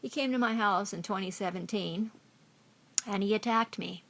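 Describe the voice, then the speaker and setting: This is an angry to-camera rant by a Canadian woman in middle age, full of swearing, blame and repetition. Her voice sits mid-range, creaky and a touch bright, at an ordinary pace.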